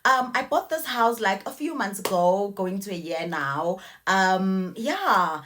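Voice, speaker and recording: A woman's voice: mid-range voice, animated, measured pace, slight background noise. A woman voicing a friendly, welcoming young woman who owns a house. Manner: bright, welcoming.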